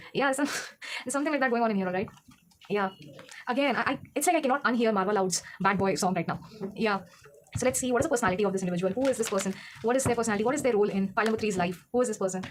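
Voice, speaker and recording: Woman, tarot reader, very fast talker, rambling, casual, faint noise. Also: on the high side. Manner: rambling, self-correcting, laughs often.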